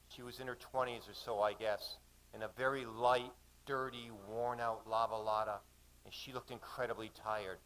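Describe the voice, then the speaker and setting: A man's voice: medium pitch, flat delivery, fairly bright tone, slight background noise, rough recording. Man reciting a seafaring poem. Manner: measured, vivid recitation. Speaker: poet. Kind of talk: spoken-word storytelling. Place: live reading in a cafe.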